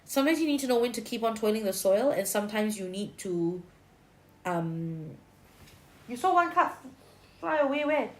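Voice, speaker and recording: A woman's voice: on the high side, expressive, normal speed, pauses often. A woman giving a livestream tarot reading, talking bluntly and chattily to viewers. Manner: blunt, chatty, peppered with "lah" and "leh" particles. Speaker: tarot reader.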